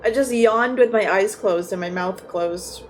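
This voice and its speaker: A young woman streaming a game, giving excitable, joking commentary. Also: mid-range voice, measured pace, a little hiss or hum.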